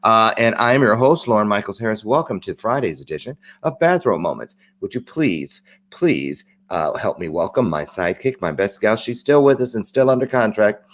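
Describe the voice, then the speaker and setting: A man hosting a live-streamed talk show, opening with a chatty, joking monologue and lively asides. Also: lowish voice, normal speed, few pauses.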